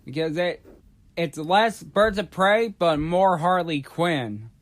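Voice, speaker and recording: Male vlogger, high voice, unhurried, halting casual rant with lots of fillers. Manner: rambling, halting, many fillers and restarts. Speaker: YouTube vlogger.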